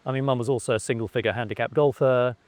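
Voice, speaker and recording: A man's voice: medium pitch, fairly even intonation, rapid-fire. A middle-aged man from England, talking in an interview with many fillers and restarts. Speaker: interviewee, son of a cricketer. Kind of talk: conversational interview.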